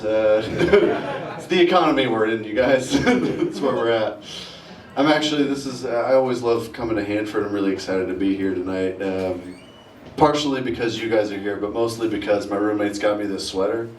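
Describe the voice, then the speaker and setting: A man's voice: on the low side, normal speed, a little hiss or hum. A man performing a stand-up comedy set in a small theater, rambling and self-mocking. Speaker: stand-up comic. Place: small theater with live audience. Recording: echoey room, mic heard from far, loud crowd.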